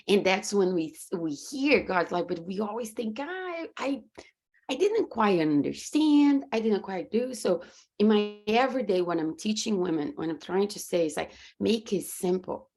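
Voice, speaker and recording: A woman's voice: fairly low pitch, normal speed. A woman with a Brazilian Portuguese accent, a podcast guest and coach, telling stories earnestly over a video call and acting out her own reactions. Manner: animated storytelling, acts out her own reactions; faith-driven, earnest. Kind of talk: conversational interview.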